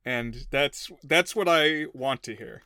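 A man co-hosting a casual film podcast, chatty and joking, with quick asides. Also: mid-range voice, pushed and bright, clear, resonant tone, no room sound. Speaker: podcast co-host.

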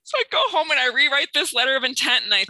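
Woman telling her faith story, super bright sharp voice, dry close sound. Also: high voice, fast talker, dry recording, poor audio. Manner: lively, acts out quotes with laughs and sighs. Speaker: guest sharing a faith testimony. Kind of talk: personal storytelling in an interview.

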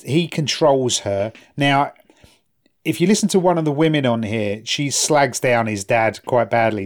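A man in casual chat, explaining at length and often asking "right?" for agreement. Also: mid-range voice. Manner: chatty, explaining, asks for agreement.

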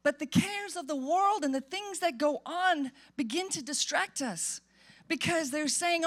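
Woman pastor, high-pitched, emphatic animated sermon delivery in a church. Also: moderate pace. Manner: animated, emphatic preaching with acted-out quotes.

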